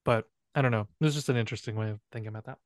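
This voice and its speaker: Dry-voiced joking podcast co-host. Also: male voice, medium pitch, very fast, no room sound. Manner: playful, jokey, reciting his own comic rhymes. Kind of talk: casual chat.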